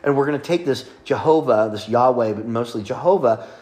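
Delivering a sermon, a man reads passages of scripture aloud and teaches on them and on the names of God, dropping light asides to his audience. His voice is medium-pitched with a darkish tone, and his pace runs a little fast.

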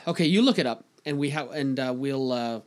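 A man's voice: mid-range voice, expressive, normal speed, vocal fry. A man from Canada co-hosting a casual talk podcast, reading out news stories and joking about them with frequent laughter. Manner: reads news aloud and riffs on it, laughing often. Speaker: podcast co-host. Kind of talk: casual chat.

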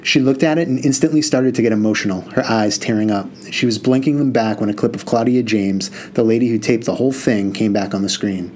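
A man's voice: fairly low pitch, a little fast, hardly any pauses, darkish tone, slight background noise. Man narrating a novel, earnest. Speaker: audiobook narrator. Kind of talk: first-person novel narration.

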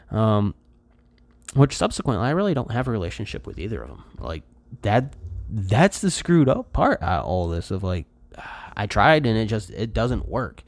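A man's voice: lowish voice, normal speed, dry recording. A middle-aged man from Michigan hosting a podcast, rambling in casual chat with lots of fillers and restarts and bursts of energy when he acts out quotes. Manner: lively when acting out quotes. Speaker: podcast host.

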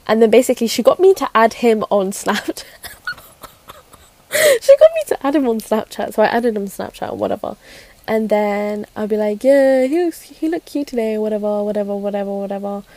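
A woman's voice: medium pitch, a little fast, darkish tone. A young woman telling a personal story in casual chat, giggly and rambling with many fillers and restarts. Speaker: podcast host.

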